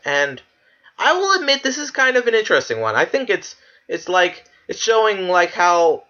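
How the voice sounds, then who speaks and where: A man's voice: high voice, big pitch swings, moderate pace, sharp tone, highs cut off. A man giving casual, profane commentary while ranking clips, ranting in disbelief and laughing. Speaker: video creator ranking clips.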